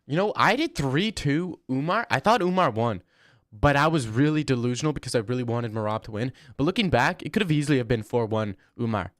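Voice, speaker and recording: A man's voice: medium pitch, lively intonation, quick pace, no echo, studio quality. A man in his twenties chatting casually on a live stream, rambling bluntly and swearing freely. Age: 20s.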